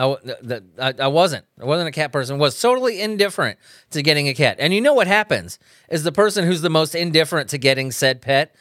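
A man chatting casually on his podcast, profane and rambling, often breaking into laughter. His voice sits a little higher than most men's. The sound is dry and close, from a microphone on a stand. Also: fairly bright tone, dry recording. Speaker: podcast host. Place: at home.

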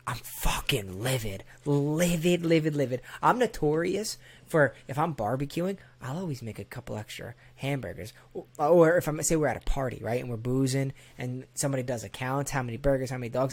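A man's voice: medium pitch, fast talker, darkish tone. A man in casual banter, ranting emphatically with heavy swearing.

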